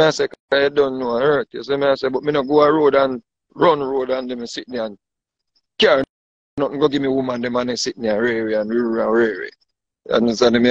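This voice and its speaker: A man's voice: mid-range voice, no room sound. A man with a Jamaican accent ranting casually, boastful and repetitive, often asking if you understand him. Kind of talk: casual rant to camera. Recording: dull dry lo-fi sound.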